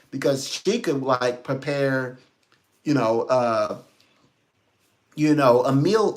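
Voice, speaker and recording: A man giving a rambling live-stream talk as a psychic reader, chatty, laughing often and quoting people in little voices. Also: medium pitch.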